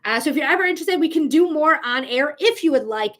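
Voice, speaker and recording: A woman's voice: high-pitched, lively intonation, quick pace. A woman psychic giving a casual live-stream reading, chatty and blunt, swearing freely. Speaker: psychic reader.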